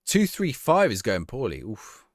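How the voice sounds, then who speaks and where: A man's voice: medium pitch, huge pitch swings, a little slow, dry recording, clean studio sound. Chatty man streaming a game. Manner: chatty, rambling, laughs easily. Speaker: live streamer. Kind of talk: casual gameplay commentary, reading chat.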